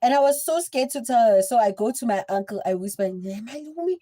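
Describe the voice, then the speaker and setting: A young woman with a South African accent, telling a story in a chatty, animated livestream style. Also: a little high, quick pace. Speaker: livestream host. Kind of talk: casual storytelling.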